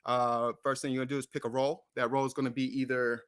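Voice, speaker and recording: A man's voice: mid-range voice, little pitch movement, rapid-fire, a bit bright, clean tone. A man hosting a casual music livestream, talking in a loose, rambling way with swearing and frequent self-corrections. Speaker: streaming show host and rapper.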